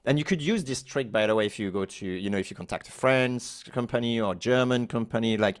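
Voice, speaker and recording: A man's voice: medium pitch, brisk, clean tone. Chatty man co-hosting a podcast. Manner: relaxed, chatty, with many fillers and restarts. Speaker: podcast co-host. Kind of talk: casual chat.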